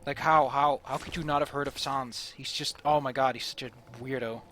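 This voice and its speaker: Giggly young man, bright voice. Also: mid-range voice, fairly even intonation, fairly quick, a little hiss or hum. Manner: giggly, rambling, swears casually. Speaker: let's play host. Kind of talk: gameplay commentary.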